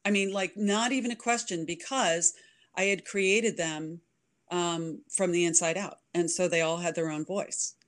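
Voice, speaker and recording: A woman author chatting as an interview guest, animated and full of ums. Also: lowish voice, a little slow. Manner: animated, many ums, demonstrates voices. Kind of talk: casual interview chat.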